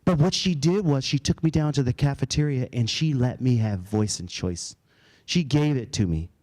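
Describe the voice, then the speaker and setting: A man's voice: mid-range voice, animated, normal speed, darkish tone. Guy doing a keynote talk at a conference, tells stories, chuckles at his own lines. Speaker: keynote speaker. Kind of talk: storytelling keynote speech. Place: conference hall.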